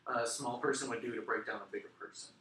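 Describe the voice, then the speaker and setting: A blunt, sarcastic man talks wrestling in casual, profanity-laced chat. His voice is very bright and cutting, and it comes from a little way off the mic in an echoey room with faint noise behind it. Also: mid-range voice, fairly even intonation, fast, distant mic. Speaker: podcast co-host.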